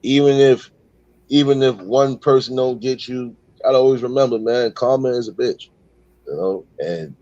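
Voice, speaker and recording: A man's voice: medium pitch, warm tone. A man hosting a casual online panel, mulling points over in long, reflective stretches. His voice comes through dull and lo-fi, with a dry, close sound and no room echo. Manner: reflective, drawn-out talk with many fillers.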